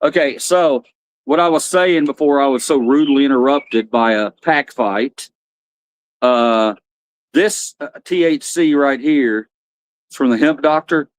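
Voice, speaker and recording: Male streamer, rambling and frank, mid-pitched voice, dry recording. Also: a little slow, dry recording. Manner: rambling, blunt, swears freely. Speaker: livestream host. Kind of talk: casual livestream chat.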